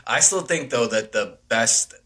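A man cracking dry, crude jokes while watching a show with friends. His voice sits at an ordinary middle pitch. He keeps the chat loose and offhand. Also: lively intonation, measured pace, sharp tone. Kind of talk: casual reaction chat.

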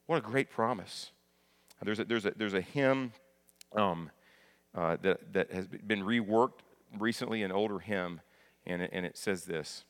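A man's voice: on the low side, a little slow, in a large hall. A man preaching a sermon in an earnest way, who repeats key phrases for emphasis and restarts words. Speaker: pastor.

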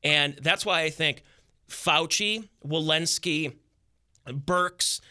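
A man's voice: a little high, slow pace, bright, forceful tone, clear, resonant tone. A man in his thirties, a podcast guest, ranting angrily and sarcastically in casual chat.

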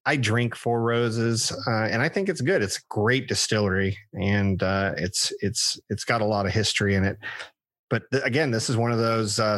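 A man's voice: lowish voice, no room sound. A man hosting a casual podcast, chatty and reading off a list with frequent restarts. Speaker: podcast host. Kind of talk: casual chat.

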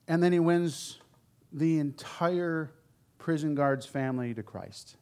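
Male preacher, a touch high-pitched, candid and conversational, with loud stresses and soft asides. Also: slow. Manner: swings between loud emphasis and quiet low asides. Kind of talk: sermon.

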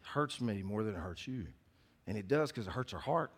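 A middle-aged man preaching a sermon, telling personal stories as he swings between loud bursts and hushed asides. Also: lowish voice, animated, brisk, breathy edge.

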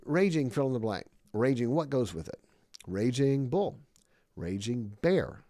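A man's voice: medium pitch, very animated, normal speed, dark tone, no room sound, clean studio sound. A man giving a Bible lesson in a sermon-like way. He is emphatic and drives his points home with rhetorical questions and repetition. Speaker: podcast preacher and jail Bible teacher.

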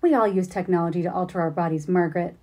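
A woman's voice: fairly low pitch, quick pace, darkish tone, voice pushed down, natural voice. A woman voicing a scheming female teacher who is turning into a mutant moth, with a smug, lecturing manner, in a dramatic reading.

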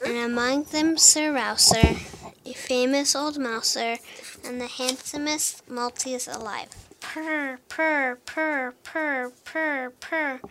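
A woman's voice: high voice, fairly bright tone, a little hiss or hum. A woman reading a rhyming children's story aloud in a sing-song, rhythmic way.

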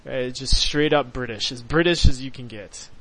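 A man's voice: mid-range voice, fairly bright tone, low-quality recording. A man hosting a podcast, chatting casually and joking, then signing off with contact details. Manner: upbeat, joking, drawn-out sign-off. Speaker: podcast host.

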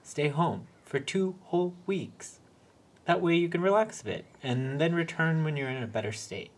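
A man doing a soothing, higher-pitched floor manager. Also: normal speed. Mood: coaxing. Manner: soothing, coaxing. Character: placating male factory floor manager, soothing.

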